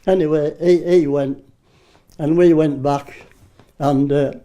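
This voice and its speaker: A man's voice: a little high, fairly even intonation, slow pace, mellow. A man, an interviewee reminiscing casually and rambling through war stories, swearing freely and restarting his sentences. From Britain. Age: 90s. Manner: rambling, salty storyteller who swears freely and restarts often.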